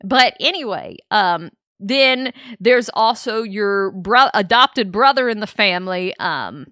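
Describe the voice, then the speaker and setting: A woman streamer giving a casual, rambling, animated recap of a game series, full of fillers and asides. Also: medium pitch, slow, dry recording, studio quality.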